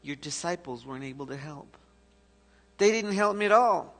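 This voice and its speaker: A man's voice: a little high, expressive, moderate pace, a bit bright. A man playing a desperate father begging for help for his son, his voice raised and strained. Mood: pleading. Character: desperate pleading father of a sick boy. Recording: echoey church hall.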